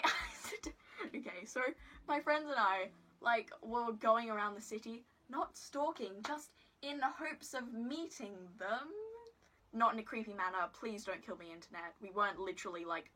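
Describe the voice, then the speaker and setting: A woman's voice: fairly high pitch, pushed and bright. A woman telling a story to her phone camera in a casual vlog, giggly and rambling with lots of "like" and self-deprecating asides. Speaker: vlogger.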